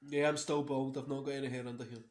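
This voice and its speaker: A man's voice: medium pitch, level tone, quick pace. A Scottish man in his thirties hosting a wrestling watch-along, talking casually in a rambling, chatty way and laughing often. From Scotland. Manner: chatty and rambling, laughs often, local words like wee and yous. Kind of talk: casual commentary while watching.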